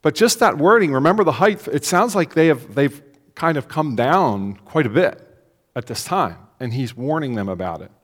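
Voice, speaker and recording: Lively-voiced man preaching in a reverberant hall. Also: medium pitch, normal speed. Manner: conversational preaching with rhetorical questions and acted-out quotes. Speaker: pastor. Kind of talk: sermon.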